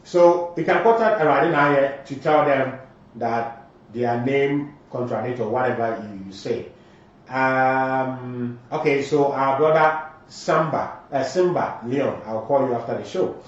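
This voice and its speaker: A Ghanaian-accented man hosts a live show at a mid-range pitch, switching between Twi and English as he gives advice and reads viewer comments. His delivery is emphatic. He sounds set back from the mic in a very echoey space, and the sound is dull and lo-fi. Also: unhurried, recorded from a distance. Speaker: morning show host.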